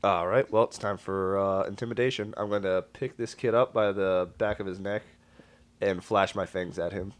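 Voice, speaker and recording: A man's voice: sits low, steady tone, normal speed. A man playing a tabletop game, joking and casually swearing. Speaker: player.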